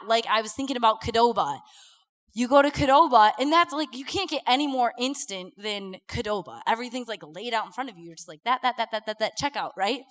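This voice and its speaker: Young woman preaching casually, high bright voice, lots of "like", big reverby hall. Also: moderate pace. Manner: chatty, animated, many fillers like "like", acts out quotes. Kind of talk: casual sermon with personal stories. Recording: live talk with long hall reverb.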